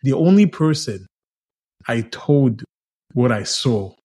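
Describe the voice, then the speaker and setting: A man co-hosting a podcast in casual chat, telling stories in a teasing, animated way. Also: mid-range voice, slow pace, slightly rough. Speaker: podcast co-host.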